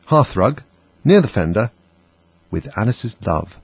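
A man's voice: fairly low pitch, big pitch swings, a little slow, slightly rough, dry recording, exaggerated voice. A man voicing a curious little girl who talks to herself, frets and scolds herself, in a dry, dull audiobook reading. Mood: fretful.

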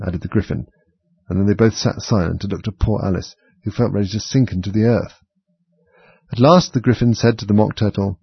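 Husky, gravelly male storyteller. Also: fairly low pitch, brisk, dry recording, highs cut off. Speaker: narrator. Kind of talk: storybook reading.

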